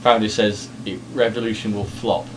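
A co-host with a fairly low voice, hesitant and quick to restart his sentences. He sounds set back from the mic, with clear background noise behind him. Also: flat delivery, recorded from a distance. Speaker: podcast co-host. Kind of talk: casual banter.

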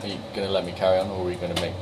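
Lower-voiced man with a Somerset accent, podcast co-host, playful and chatty. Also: little pitch movement, background noise. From Somerset, England. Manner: chatty, jokey, quick to laugh. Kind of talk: casual banter and game reviews.

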